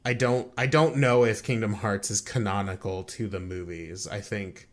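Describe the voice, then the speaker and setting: Rambling young man with a low voice. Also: steady tone. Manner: rambling, halting with many fillers. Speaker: podcast co-host. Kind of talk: casual chat recapping a video game.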